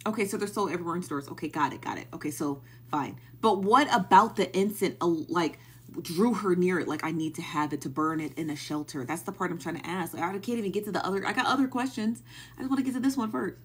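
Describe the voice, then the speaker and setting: Husky woman ranting on a live stream. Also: medium pitch, fast. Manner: incredulous, repeats questions, thanks viewers. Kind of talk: casual live stream commentary.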